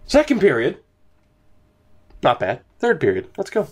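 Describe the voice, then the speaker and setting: Brief: young male gamer, animated swings in pitch, sweary and hyped play-by-play commentary. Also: measured pace, long pauses. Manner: excitable, swears, rants then talks softly to his dog. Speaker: gaming YouTuber.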